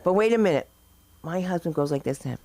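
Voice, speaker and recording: A woman's voice: fairly low pitch, expressive, quick pace, warm tone. A woman hosting a comedy open mic, chatting and teasing the comics.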